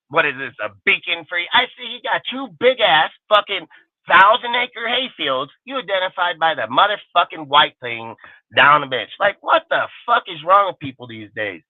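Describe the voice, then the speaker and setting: A man's voice: sits high, dry recording. Man, sports host, heated profane rant, dry close sound, phone-quality audio. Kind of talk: live stream rant.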